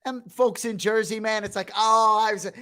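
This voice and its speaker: A man's voice: high voice, steady tone, moderate pace, bright, forceful tone, smooth. A man hosting a podcast in casual chat, enthusiastic and repeating his phrases. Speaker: podcast host.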